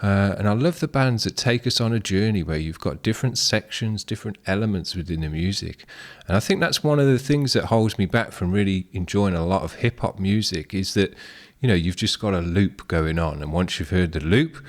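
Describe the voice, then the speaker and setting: Low-voiced, easygoing male show host. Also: expressive, a little fast. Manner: rambling, easygoing, frank. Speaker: music review show host. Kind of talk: casual spoken commentary.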